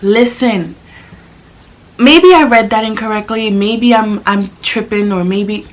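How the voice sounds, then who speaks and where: A woman's voice: slow pace, poor audio. Sassy young woman telling a story. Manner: animated, sassy, jumps into high-pitched quoted voices. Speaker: vlogger. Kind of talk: casual storytime chat.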